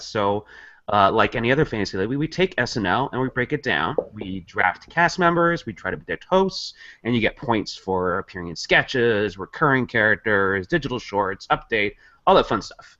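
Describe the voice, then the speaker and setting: A man's voice: medium pitch, sharp tone, dull audio. A man guest-hosting a comedy podcast, chatting in a playful, jokey way. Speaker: guest host. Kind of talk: casual comedy podcast chat.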